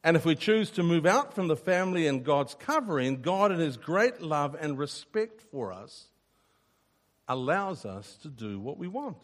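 A man's voice: on the high side, very animated, moderate pace. A man preaching a sermon, earnest and emphatic, often repeating a word as he starts a sentence. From New Zealand.

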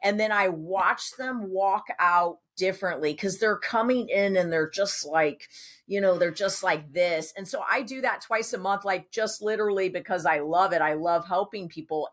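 Woman, personal trainer, podcast guest, enthusiastic, casual talk. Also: mid-range voice. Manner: enthusiastic, animated storytelling.

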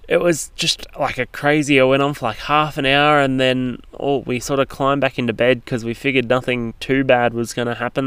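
A man's voice: medium pitch, a bit bright, clear, resonant tone, no echo. A man casually narrating a travel story, rambling along with frequent fillers and restarts. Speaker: travel vlogger.

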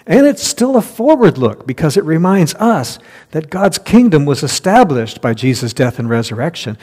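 A man's voice: a little high, big pitch swings, moderate pace, a little mellow, husky. A man preaching a conversational sermon as pastor, reading scripture aloud and laughing at his own slips. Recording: long hall reverb.

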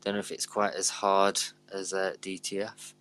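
A man's voice: low-pitched, monotone, moderate pace, fairly bright tone, clean tone. A man co-hosting a podcast in joking, rambling casual chat. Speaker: podcast co-host.

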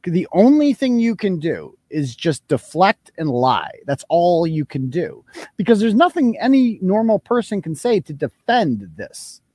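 A man's voice: sits high, very animated, measured pace, darkish tone, no echo. A man hosting a livestream, talking bluntly and sarcastically, often crude. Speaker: host. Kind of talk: livestream commentary.

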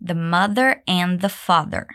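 A woman teaching an English pronunciation lesson, drilling phrases for learners to repeat and praising them warmly. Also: measured pace. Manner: encouraging, drills repetition, pitch leaps on praise.

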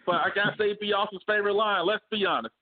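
High-pitched man, sports talk co-host, lively and slangy, heard over a phone-like call. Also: quick pace. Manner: animated, laughs often, slangy. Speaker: podcast co-host. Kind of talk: casual sports debate. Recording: phone-like remote call audio.

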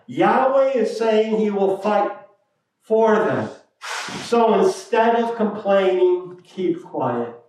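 A male pastor preaching a sermon in a church sanctuary, deliberate and emphatic, repeating key phrases. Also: high-pitched, darkish tone. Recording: echoey room, mic at a distance.

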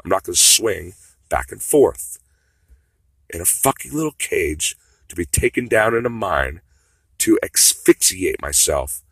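A man's voice: sits low, sing-song, a little slow, vocal fry, fairly bright tone, breathy edge, dry recording. A man talking in a rambling, profane monologue that swings between mutters and outbursts.

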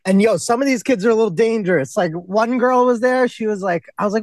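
A man's voice: sits high, quick pace, few pauses, darkish tone, no room sound. A young man and substitute teacher telling blunt, profane stories on a casual podcast, acting out what the kids said. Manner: blunt, profane storytelling, acts out kids' lines.

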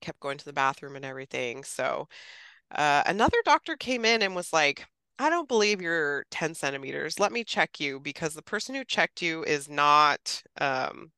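A woman in her thirties telling a personal story as a podcast guest, chatty and animated, acting out what others said and laughing often. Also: low-pitched, normal speed, clear, resonant tone, no room sound. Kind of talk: casual storytelling.

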